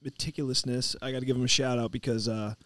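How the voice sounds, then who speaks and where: An easygoing man joins casual podcast banter, talking quickly. His voice sits mid-pitch and sounds natural. He gives shout-outs and joking jabs. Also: steady tone, dry recording. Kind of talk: casual chat.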